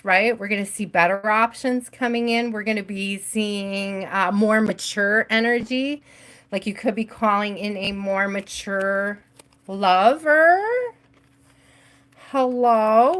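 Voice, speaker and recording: A woman's voice: medium pitch, fairly bright tone. A woman hosting a live tarot stream, chatting casually with viewers, laughing often and greeting them by name.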